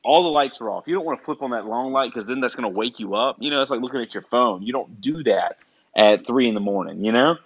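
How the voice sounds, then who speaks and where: A man's voice: medium pitch, quick pace, no echo. Chatty man reading dad jokes. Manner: chatty, laughs at his own puns. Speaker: co-host reading listener jokes. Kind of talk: casual radio-style chat. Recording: dull lo-fi audio.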